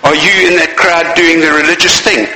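Bright-voiced male preacher in echoey church. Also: a little high, steady tone, normal speed. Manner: repeats key phrases, asks the listeners rhetorical questions. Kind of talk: sermon.

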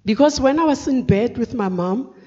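A woman preaching an earnest, halting, emotional personal testimony. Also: fairly high pitch, animated, warm tone. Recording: dull recording in a reverberant hall.

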